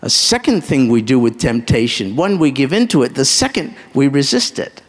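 A man preaching a live sermon to a congregation, emphatic, asking them direct questions and breaking into sudden high exclamations. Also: sing-song, moderate pace. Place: church hall with a congregation. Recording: reverberant hall sound.

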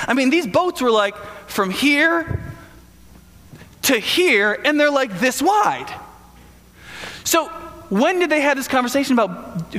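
A man's voice: very high voice, animated, a little slow, a bit bright. A man preaching a sermon in a casual, joking storytelling way, acting out the voices of the people in his story. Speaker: pastor. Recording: long hall reverb.

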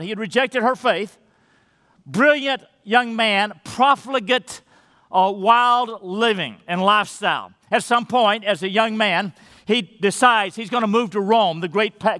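A man preaching a sermon as pastor in a church, emphatic, drawing out key phrases slowly and restarting his sentences. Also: high-pitched, pushed and bright. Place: church sanctuary. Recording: long reverb of a large hall.

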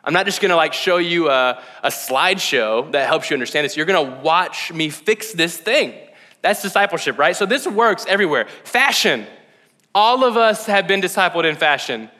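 A man's voice: on the high side, moderate pace. A young man giving a sermon as a pastor, talking casually with lots of slang, asking "right?" and using many "like"s. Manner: casual, animated, slangy preaching with frequent "like" and "right?". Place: church hall. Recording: reverberant hall.

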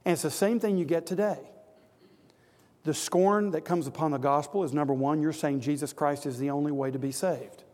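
Brief: male preacher, earnest sermon delivery, fairly high voice, long hall echo. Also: steady tone, normal speed, a little mellow. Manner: earnest, exhorting, builds to emphatic repetition.

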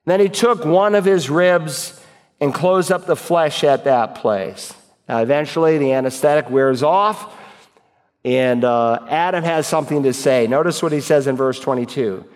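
A man with a fairly high voice delivers an expository sermon, reading verses and unpacking them. His voice rings through a church sanctuary with a long, lingering reverb. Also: normal speed. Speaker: pastor.

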